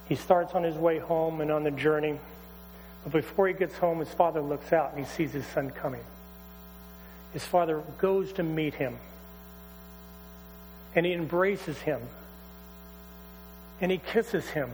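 A man pastor retelling a scripture story in a conversational, animated sermon. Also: fairly high pitch, unhurried, long pauses. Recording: hall reverb, faint mains hum.

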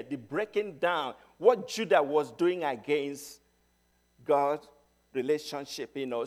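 A middle-aged man preaching a sermon, telling stories with emphasis and swinging between loud and hushed. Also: a little high.

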